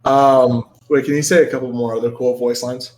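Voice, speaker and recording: A man's voice: mid-range voice, little pitch movement, normal speed, darkish tone. Man, stream host, casual mid-range voice, teasing and pushy. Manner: teasing, pushy questions, crude jokes. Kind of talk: casual chat.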